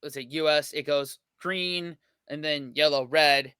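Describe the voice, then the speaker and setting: American man, casual reaction chat, bright clear voice, dry close sound. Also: a little high, steady tone, measured pace, no echo. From United States. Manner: rambling, hesitant, joking. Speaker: reaction channel host.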